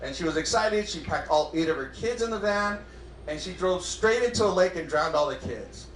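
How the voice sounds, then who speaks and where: On a comedy club stage in front of a live crowd, a comedian with a high voice delivers his set with lots of energy, firing off acted-out dialogue in rapid bursts. The audio has a roomy club feel plus slight background noise.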